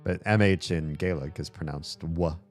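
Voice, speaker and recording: A man's voice: deep voice, moderate pace. A man streaming a game, chatting casually and rambling aloud with plenty of fillers, with faint game music behind him. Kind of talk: casual gameplay commentary chat.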